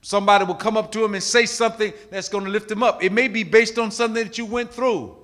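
A middle-aged male pastor preaching a sermon, emphatic, swinging from loud calls to hushed asides. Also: sits high, steady tone, fast talker.

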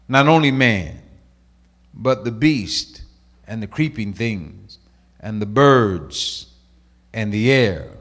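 Animated, bright-voiced male preacher. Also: lowish voice, takes it slowly, long pauses. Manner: swings from shouting to hushed, quoting voices. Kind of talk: sermon.

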